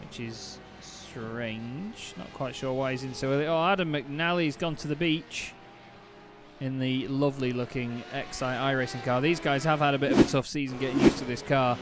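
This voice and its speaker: A man doing play-by-play commentary on a sim race, chatty and quick to correct himself, getting excited at incidents. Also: mid-range voice, background noise.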